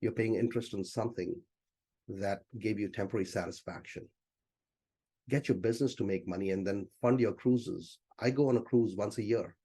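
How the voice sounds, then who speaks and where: A man's voice: fairly low pitch, normal speed, warm tone, breathy edge. A man as a business coach, teaching in a loose, conversational way during an online session and often saying "you know".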